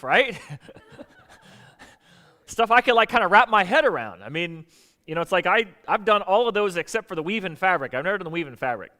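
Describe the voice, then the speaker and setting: A man preaching a sermon as pastor, animated and joking with the congregation in a church sanctuary. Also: high voice, smooth, long reverb tail.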